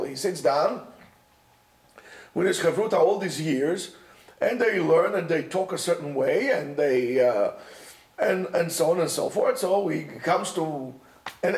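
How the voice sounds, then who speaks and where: A man with a high voice gives an animated, informal lecture to yeshiva students, full of "you know" and "right?" and Hebrew and Yiddish words. His talk rings through an echoey lecture room. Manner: sprinkles Hebrew and Yiddish terms. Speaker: yeshiva teacher.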